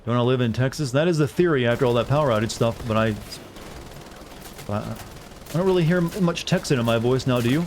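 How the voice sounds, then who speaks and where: Male game streamer, rapid casual commentary, teasing, chatting to viewers. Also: medium pitch, darkish tone, slight background noise. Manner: teasing, evasive, talks over gameplay. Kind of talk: casual gaming commentary to chat.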